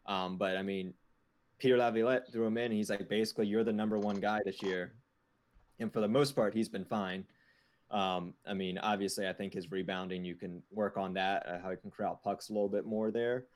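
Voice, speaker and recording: A man's voice: on the low side, fairly even intonation, fairly quick, a little mellow. A man on a podcast panel in casual sports chat, hesitant and leaning on "um" and "I mean".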